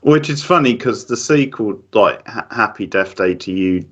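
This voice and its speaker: Man co-host, very low voice, agreeable and casual, muffled recording. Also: expressive, moderate pace. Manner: agreeable, lots of short yeahs, easygoing. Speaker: podcast co-host. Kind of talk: casual film review chat. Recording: dull lo-fi sound.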